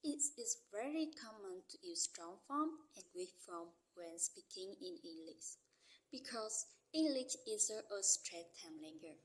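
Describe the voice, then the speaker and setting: Slow, careful young woman reading. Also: mid-range voice, expressive, low-quality recording. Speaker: student presenter. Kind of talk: reading a class presentation.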